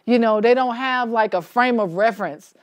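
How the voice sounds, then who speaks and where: A woman leading a church Bible study in a relaxed, conversational way, asking the group questions and laughing easily. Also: fairly high pitch, normal speed.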